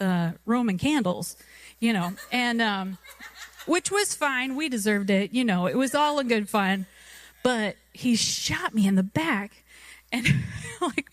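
A woman's voice: on the high side, no room sound. A woman in her thirties preaching a sermon, telling a personal story in a chatty way and laughing often. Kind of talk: anecdote in a sermon.

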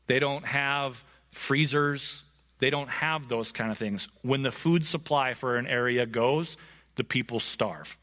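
A man's voice: medium pitch, pushed and bright. A man teaching a Bible lesson in a casual, conversational way, often checking in with his listeners.

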